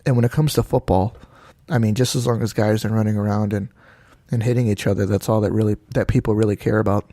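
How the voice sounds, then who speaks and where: A man's voice: on the low side, steady tone, quick pace, dark tone, no room sound. A man co-hosting a podcast in casual chat, easygoing and rambling, with short asides. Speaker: podcast co-host.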